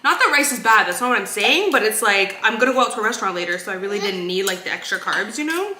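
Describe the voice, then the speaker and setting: A woman's voice: mid-range voice, expressive, fast, bright, forceful tone, roomy sound, slight background noise. A young woman chatting casually in a vlog, talking while she eats at home. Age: young adult. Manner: chatty, talks while eating. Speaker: vlogger.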